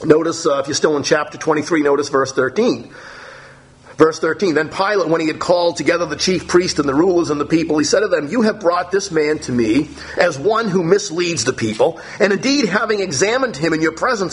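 A man's voice: a little high, fairly quick. A man preaching a Bible lesson, reading scripture aloud and explaining it as he goes. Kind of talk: Bible teaching.

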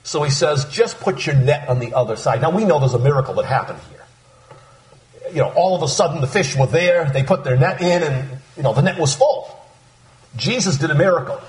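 A man's voice: a little high, normal speed, reverberant. A man preaching a sermon, walking through a scripture passage and acting out the disciples' lines. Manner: animated, acts out voices of disciples.

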